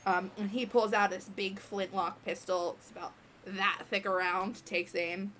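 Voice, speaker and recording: A woman running a tabletop game as game master, narrating the action in an animated way with frequent fillers. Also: mid-range voice, measured pace, slight background noise.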